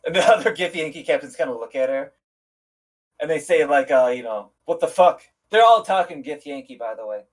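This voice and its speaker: A man's voice: a little high, expressive, brisk. Laughing, casual game master man. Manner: casual, laughing, swears freely. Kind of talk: narrating a tabletop game on a live stream.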